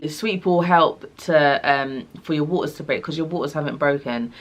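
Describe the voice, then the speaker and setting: A woman's voice: sits low, fairly quick. A young woman, casually telling a personal story to her viewers and acting out the people in it. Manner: animated, acts out quoted dialogue. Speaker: vlogger.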